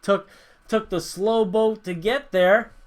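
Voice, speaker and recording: A man's voice: high-pitched, fairly even intonation, slow. A man from North America hosting a casual livestream Q&A, rambling with lots of fillers and frequent chuckles. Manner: rambling, laughs often, many fillers. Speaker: livestream host.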